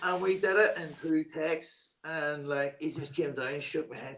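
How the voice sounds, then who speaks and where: A man appearing as an interview guest tells an animated story, swearing freely and packing his talk with "like" and "you know what I mean." His voice is on the high side and a little slow, with a roomy echo.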